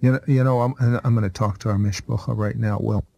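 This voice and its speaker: A male TV host interviews a guest with earnest emphasis. His voice is gravelly, dark and husky. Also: fairly low pitch, steady tone, a little fast, lo-fi sound. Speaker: TV show host.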